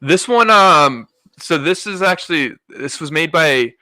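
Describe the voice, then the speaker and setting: Bright-voiced easygoing young man. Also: a little high, expressive, measured pace, dry recording, poor audio. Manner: loose, rambling, easygoing. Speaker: guest musician. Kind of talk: casual interview chat.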